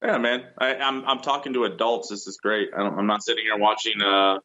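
A man's voice: lowish voice, steady tone, a little fast, sharp tone, lo-fi sound. A man in his thirties on a video call, chatting casually and acting out quotes as he tells stories. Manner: rambling storyteller, acts out quotes. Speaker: guest.

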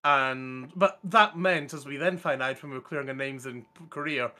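A man's voice: mid-range voice, moderate pace, pushed and bright. A man co-hosting a casual gaming chat, telling a long, rambling, enthusiastic story with lots of restarts. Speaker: podcast co-host.

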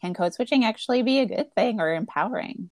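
A woman hosting a podcast, asking her guests measured interview questions. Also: a little high, expressive, no room sound. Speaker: podcast host.

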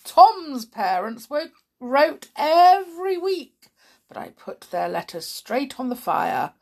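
A woman's voice: high-pitched, sing-song, slow pace, gravelly, voice pushed up, full character voice. A woman reading aloud, voicing a cruel, boastful male headmaster who cackles about his power. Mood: gloating.

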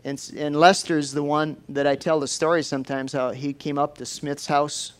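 A man preaching a sermon in a folksy, lively storytelling way. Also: a little high, normal speed.

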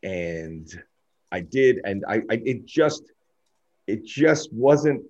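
Middle-aged male broadcaster as a podcast guest, low voice on dull lo-fi audio, animated storyteller. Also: slow. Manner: animated anecdotes, acting out quoted dialogue. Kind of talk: candid interview storytelling.

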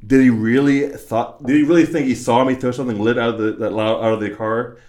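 A young man telling a story in casual conversation, animated and laughing, acting out the other people in it. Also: medium pitch, brisk. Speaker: guest telling a personal story.

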